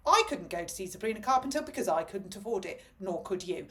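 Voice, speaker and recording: A woman's voice: mid-range voice, lively intonation, rapid-fire, hardly any pauses. A woman delivering a ranting political commentary to camera, indignant, sarcastic and emphatic.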